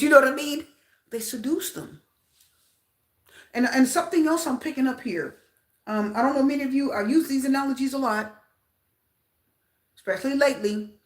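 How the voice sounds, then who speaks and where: In an echoey room, a woman whose voice sits on the high side gives a casual tarot reading. She stays animated, speaks right to her audience and leans on repetition for emphasis.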